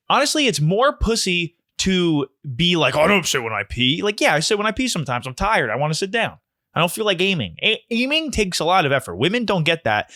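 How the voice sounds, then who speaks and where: A man's voice: on the high side, sharp tone, dry recording, studio quality. A man hosting a casual comedy video, reacting to funny shirts with rambling, crude jokes.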